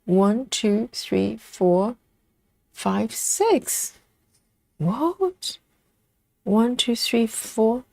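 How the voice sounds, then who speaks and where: A woman hosts a relaxed craft livestream, reading out viewers' comments and answering them. Her voice moves lively up and down, but she talks slowly with plenty of pauses and small laughs. The sound is close and dry, with no room around it. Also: a little high, creaky, dry recording. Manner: laughs often, chatty, repeats words while thinking. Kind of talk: casual chat reading live comments.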